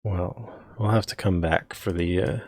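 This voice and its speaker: A man's voice: sits low, fairly even intonation, measured pace, a little mellow. A man giving wry, hesitant commentary as he plays a retro adventure game. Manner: dry, wry, hesitant with many ums. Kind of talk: casual let's play commentary.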